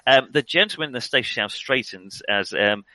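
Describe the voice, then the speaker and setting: A man's voice: medium pitch, expressive, fairly quick, sharp tone, no echo, low-quality recording. A man narrating a tabletop role-playing game as game master, wordy and hesitant, with dry humor.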